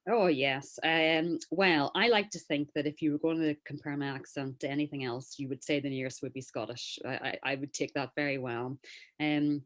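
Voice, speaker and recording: A woman's voice: low-pitched, steady tone, normal speed. A woman with a Northern Irish accent, chatting as an interview guest over a video call, with plenty of fillers and a wry humor. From Northern Ireland. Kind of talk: casual interview talk.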